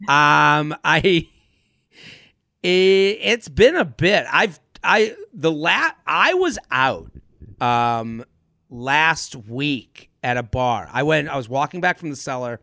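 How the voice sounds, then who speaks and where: A man's voice: mid-range voice, pushed and bright, no echo, studio quality. A young man hosting a casual podcast, rambling through an anecdote with frequent restarts. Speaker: podcast host.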